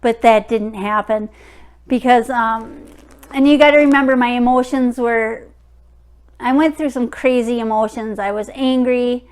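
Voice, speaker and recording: A woman's voice: steady tone, a little slow, a little mellow, clear, resonant tone. A woman in her fifties telling a personal story to her vlog viewers in a frank, blunt way. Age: 50s. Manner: frank and blunt, drops into a low murmur when reading texts aloud. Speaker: vlogger. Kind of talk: casual storytelling to camera.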